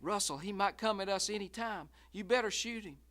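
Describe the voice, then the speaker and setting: A man's voice: high voice, brisk, pushed and bright, voice pushed up. A man storyteller voicing a frightened young farm girl who keeps pleading and insisting. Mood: frantic.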